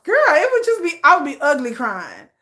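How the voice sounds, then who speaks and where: Bubbly, high-pitched, animated woman vlogger. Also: fairly quick. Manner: animated, laughing, acting out fangirl reactions. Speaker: K-pop channel host. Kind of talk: excitable casual chat with live chat readers.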